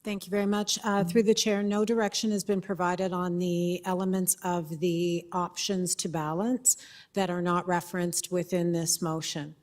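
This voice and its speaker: A woman from the board staff gives a formal, measured answer in bureaucratic language. Her voice is fairly low and flat, with little rise and fall. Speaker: school board staff member.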